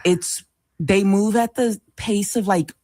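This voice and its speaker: A woman's voice: mid-range voice, slow, dark tone, dry recording. A woman co-hosting a morning radio show, explaining things casually with hesitant fillers. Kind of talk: casual chat. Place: radio studio.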